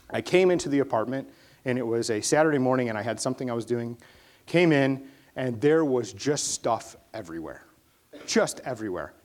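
A man preaching a sermon in a casual storytelling way, with emphatic bursts on key points. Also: mid-range voice. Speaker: pastor. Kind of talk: conversational sermon.

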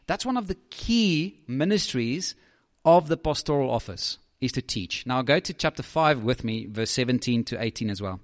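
A man's voice: mid-range voice, animated, moderate pace, in a large hall. A man preaching a sermon as a pastor, emphatic, often putting questions to the listeners.

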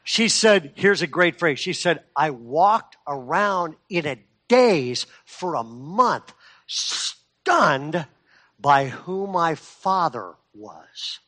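Middle-aged male pastor, high voice, lively storytelling sermon that builds to fervent emphasis. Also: very slow. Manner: storytelling with acted quotes, rising to fervent emphasis.

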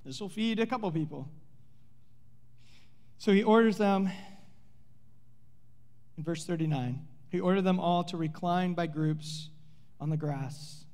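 A man preaching a sermon as pastor, telling the story in an animated way and playfully acting out the characters with sarcasm. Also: a little high. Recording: long hall reverb.

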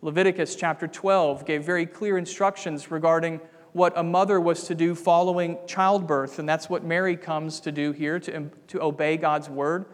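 A man's voice: a little high, fairly even intonation, moderate pace, long reverb tail. A man preaching a sermon, emphatic and calling his listeners friends.

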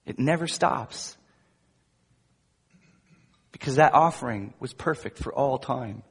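Male pastor, sermon, husky voice, emphatic then hushed, long hall reverb. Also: medium pitch, slow. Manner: emphatic preaching with wide swings between loud emphasis and soft asides.

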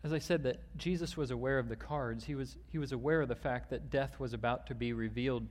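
Preacher in a reverberant sanctuary. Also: male voice, medium pitch, quick pace, slight background noise. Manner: reads a long quoted passage aloud, with fillers and restarts. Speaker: pastor. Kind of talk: sermon.

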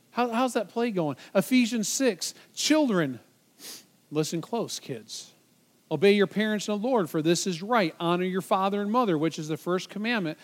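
A male pastor delivers a sermon in an unusually high voice, getting emphatic and climbing higher whenever he quotes a verse. His words ring out with a long reverb, as in a church sanctuary.

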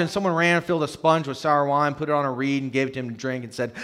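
This pastor's voice is fairly high, and he talks quickly with few pauses. His sermon is conversational, shifting from loud and emphatic to hushed and quiet, with frequent word repetition at the start of phrases.

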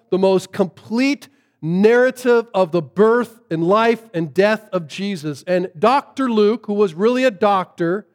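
A pastor with a high voice preaches a sermon, moving from lively storytelling to hushed, earnest emphasis.

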